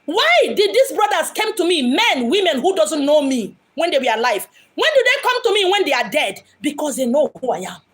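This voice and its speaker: A woman's voice: high-pitched, big pitch swings, moderate pace, few pauses. A woman from Abia State in Nigeria with a Nigerian accent, a spiritual medium speaking in an impassioned, dramatic monologue. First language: Igbo. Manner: dramatic, acts out quoted voices. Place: home in Lagos.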